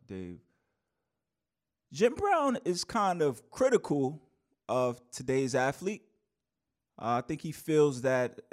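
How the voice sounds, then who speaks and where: A man interviewing an author, asking measured questions and giving frequent short affirmations. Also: mid-range voice. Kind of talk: interview conversation.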